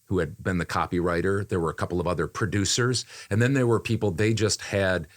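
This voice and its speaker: A man's voice: low voice, steady tone, brisk. A man who works as a voiceover artist talks through a recent job in a casual podcast chat, speaking conversationally, repeating phrases and often using fillers.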